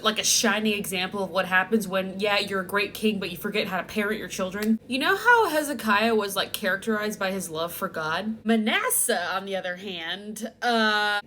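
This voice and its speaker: A woman's voice: mid-range voice, fairly bright tone, a little hiss or hum. A woman hosting a comedic Bible recap vlog, talking in a sarcastic, playful way full of exaggerated asides. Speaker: host.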